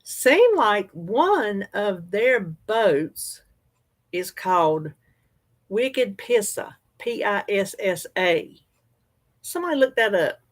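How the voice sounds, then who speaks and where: A woman's voice: mid-range voice, big pitch swings, takes it slowly. A Southern woman hosting a livestream, chatting casually in a folksy, easygoing way and talking back to viewer comments. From North Carolina, US. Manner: folksy, chatty, laughs easily. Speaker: livestream host.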